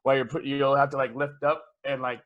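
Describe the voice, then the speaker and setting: A man co-hosting a podcast, rambling through crude jokes with halting speech. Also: mid-range voice, level tone, narrow, tinny audio. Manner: rambling, halting, many "like" fillers, crude humor. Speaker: podcast co-host. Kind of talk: crude casual chat.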